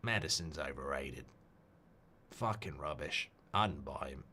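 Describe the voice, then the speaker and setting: A man putting on a gruff, sweary middle-aged Australian football manager, muttering low with an attempted Australian accent. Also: expressive, measured pace, pushed and bright, a little hiss or hum, exaggerated voice. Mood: grumbling.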